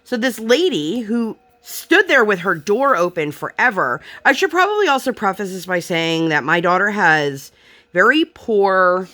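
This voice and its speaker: Crafting at home, this young mother and vlogger from Pennsylvania tells the story of her day in a relaxed, chatty way, clearly frustrated and leaning on lots of fillers. She speaks in a medium-pitched, bright, forceful voice with a Pennsylvania American accent, taking her time while her pitch swings widely.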